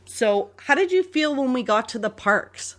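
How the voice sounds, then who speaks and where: A woman from Canada hosting a podcast, telling stories in a casual, animated way and laughing often. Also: high-pitched, normal speed. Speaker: podcast host. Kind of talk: casual storytelling chat.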